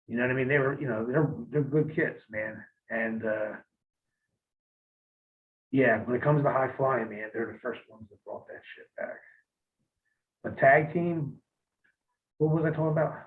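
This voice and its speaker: A man's voice: mid-range voice, normal speed, long pauses. A man being interviewed as a guest, telling rambling, profane stories in a casual way. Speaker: interview guest, former pro wrestler. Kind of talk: casual storytelling. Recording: tinny phone-like line.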